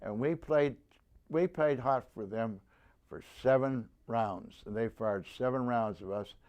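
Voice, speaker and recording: A veteran in his nineties, speaking in an unhurried, darkish, mid-range voice with the highs cut off, tells a rambling war story for an oral history. He restarts often and acts out the voices of the people he quotes.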